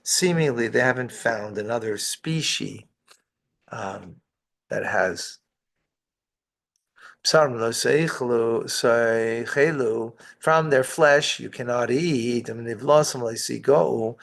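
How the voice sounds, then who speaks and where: A man's voice: medium pitch, slow, vocal fry, a bit bright. A man teaching a line-by-line text study, reading each phrase and explaining it with rhetorical questions. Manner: reads Hebrew phrases then explains in English, with asides and rhetorical questions. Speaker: rabbi teaching Torah.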